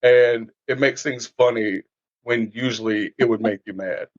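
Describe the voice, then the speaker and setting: A man in a casual podcast conversation, telling stories in an animated way and acting out everyday scenes. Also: medium pitch, a little slow, no room sound. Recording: dull lo-fi dry sound.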